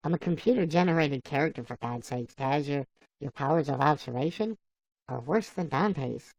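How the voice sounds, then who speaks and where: Low, gravelly woman chatting on a lo-fi stream. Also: lively intonation, a little mellow, no echo. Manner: rambling, halting, answers viewer comments by name. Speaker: livestream host. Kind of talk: casual live-stream chat with viewers. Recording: dull lo-fi dry sound.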